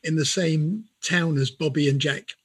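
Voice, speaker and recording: A man's voice: fairly high pitch, moderate pace, husky. A man co-hosting a podcast, asking his guest questions in an easygoing way. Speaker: podcast co-host. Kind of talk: podcast interview.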